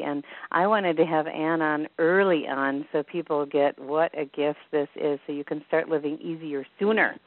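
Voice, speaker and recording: A woman hosting a phone interview, introducing her guest with gushing praise in slow, measured phrases. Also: deep voice, dry recording. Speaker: host. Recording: tinny phone line.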